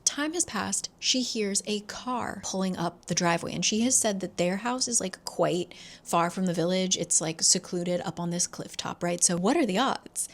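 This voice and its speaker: A woman's voice: on the low side, moderate pace. A woman casually retelling a thriller's plot as a book channel host, chatty and full of "like". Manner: chatty, fillers like "like", acts out quoted lines.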